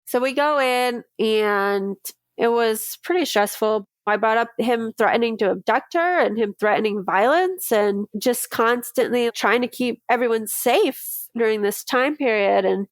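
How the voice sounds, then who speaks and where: A woman with a fairly high voice recounts a painful personal ordeal in a true-crime podcast. She speaks candidly and with feeling, often slipping into the lines of the people around her. The sound is close and dry, with no room around it. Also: unhurried, dry recording. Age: adult, mother of a daughter. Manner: candid, emotional storytelling with quoted dialogue. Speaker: interviewee recounting her experience.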